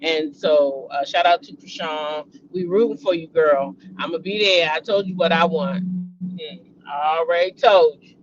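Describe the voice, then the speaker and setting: A woman's voice: sits low, moderate pace, lo-fi sound, slight background noise. A woman hosting a casual gossip vlog, laughing a lot and cursing freely as she talks. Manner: laughing, profane, excitable. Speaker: host.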